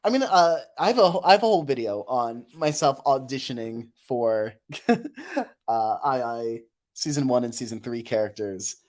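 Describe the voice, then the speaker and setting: A woman's voice: a bass voice, expressive, normal speed, darkish tone. A woman streamer and voice actor chatting casually and rambling with self-deprecating humor, her voice a bit worn. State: voice tired from overuse. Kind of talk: casual live-stream chat.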